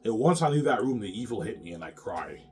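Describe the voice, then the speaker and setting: Deep-voiced man ranting profanely. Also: big pitch swings, fast, faint music behind. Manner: agitated, profane, repetitive, ends phrases with "man". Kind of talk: rambling monologue.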